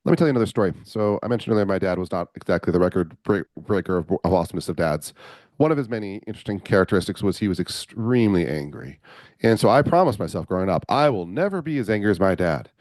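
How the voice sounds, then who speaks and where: A man's voice: low-pitched, very fast, no echo, clean studio sound. A man, a men's coach, telling personal stories as a podcast guest, acting out what people said. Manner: animated storyteller, acts out quotes. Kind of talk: storytelling interview.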